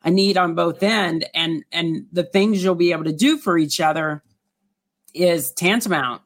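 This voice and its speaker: A host with a Southern US accent guides an interview conversationally, mixing reflective remarks with leading questions. The voice sits at a middle pitch. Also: measured pace, fairly bright tone. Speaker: talk show host.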